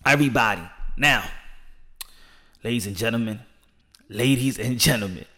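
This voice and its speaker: A man hosting a boxing channel, talking excitably and loudly with lots of slang and repetition before an interview. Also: medium pitch. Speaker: boxing show host. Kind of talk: hyped-up channel talk and interview.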